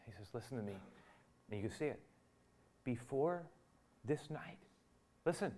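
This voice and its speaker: A male pastor preaching a sermon, acting out the dialogue he quotes and rising from quiet to loud. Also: medium pitch, expressive, normal speed, long pauses.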